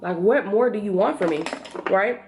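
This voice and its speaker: A young woman vlogger chatting to her viewers while doing her makeup, telling a story in an animated way and acting out what people said. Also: mid-range voice, normal speed, faint music behind. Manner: animated, talks to viewers as y'all, acts out quotes. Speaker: beauty vlogger.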